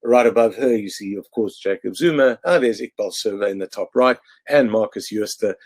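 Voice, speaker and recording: A man from South Africa, a cartoonist walking an online audience through his cartoons in a halting way, with many restarts. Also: fairly low pitch, darkish tone, breathy edge, dry recording. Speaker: cartoonist presenting his annual.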